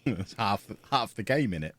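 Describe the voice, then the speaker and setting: A man co-hosting a gaming podcast, teasing and playful, with mock-indignant jumps in pitch. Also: animated, moderate pace, a bit bright, no echo. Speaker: podcast co-host. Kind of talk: casual chat about video games.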